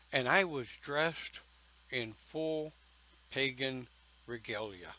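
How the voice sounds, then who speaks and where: A pagan church speaker talks casually to a camera, going slowly and pausing often between phrases. His medium-pitched voice is bright and forceful, with a folksy, emphatic storytelling manner. The recording is rough.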